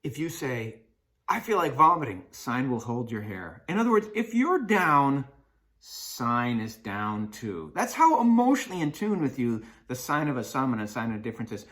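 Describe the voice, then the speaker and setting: A man teaching a math lesson in a playful way, acting out sine and cosine as friends in quick skits. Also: mid-range voice, big pitch swings, fairly bright tone.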